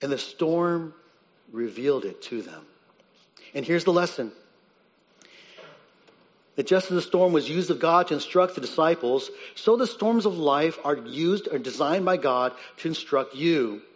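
A man preaching a sermon as pastor, earnest and emphatic, rising on key points and dropping low and quiet on others. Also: expressive, unhurried, long reverb tail, highs cut off.

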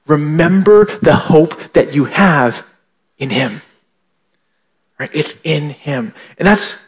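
A male pastor preaching a sermon, asking "right?" again and again and repeating his key points for emphasis. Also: a little high. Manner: acts out imagined indignant listeners with a raised voice.

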